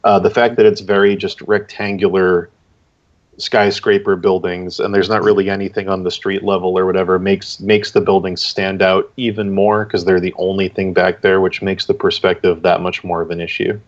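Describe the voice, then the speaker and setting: A man's voice: deep voice, little pitch movement, moderate pace. A man acting as guest judge, giving casual, rambling critique of comic entries on a livestream over a video call. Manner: rambling, filler-heavy feedback. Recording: dull lo-fi stream audio.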